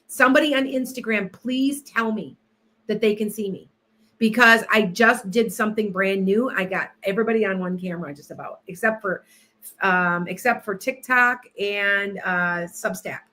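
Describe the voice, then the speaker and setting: Bright-voiced woman rambling on a livestream. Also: a little high. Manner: rambling, distracted, many restarts. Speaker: livestream host and tarot reader. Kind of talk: casual livestream chat.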